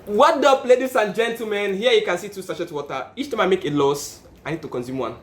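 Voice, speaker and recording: A man talks casually to camera, swings between pleading, counting and swearing, and gets excitable. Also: high voice, quick pace, roomy sound, music in the background. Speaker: gambling vlogger. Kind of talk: casual narration and live reactions.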